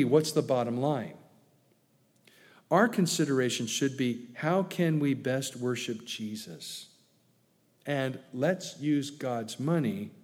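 A pastor preaching a sermon in a conversational way, with joking asides and acted quotes. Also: male voice, medium pitch, in a large hall.

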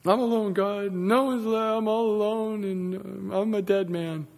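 Preacher doing a whiny weepy prophet guy, high and wobbly, feeling sorry for himself, big hall echo. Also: fairly even intonation, unhurried, vocal fry, a little mellow. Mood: self-pitying. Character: whimpering, self-pitying male prophet.

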